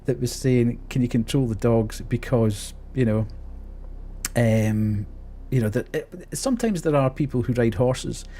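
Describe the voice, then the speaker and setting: A man's voice: medium pitch, measured pace, warm tone. A man, streaming and telling an exasperated story in casual chat while laughing often.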